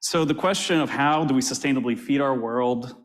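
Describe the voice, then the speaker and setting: A man moderating a panel, opening with measured, formal remarks and a few restarts. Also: mid-range voice.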